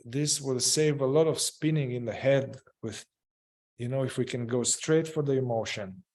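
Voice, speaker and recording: A man's voice: medium pitch, moderate pace, darkish tone. Hesitant man guiding a group. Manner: hesitant, many fillers and restarts. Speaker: group facilitator. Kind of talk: guiding a group in therapeutic inquiry.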